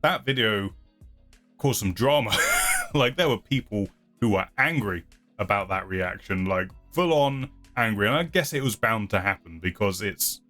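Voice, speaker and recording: Rambling man, low voice. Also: expressive, moderate pace, fairly bright tone, faint music behind. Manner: rambling and hedging, often laughing at himself. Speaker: channel host. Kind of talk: casual chat answering viewer comments.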